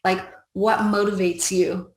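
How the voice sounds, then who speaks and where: An upbeat woman teaching a recruiting method, voicing both the customer and herself as she explains each step. Her mid-pitched voice rings in a roomy, echoey space. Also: little pitch movement, measured pace. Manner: upbeat, coaching, acts out both sides of a chat. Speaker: business trainer. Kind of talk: training talk on recruiting conversations. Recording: echoey room.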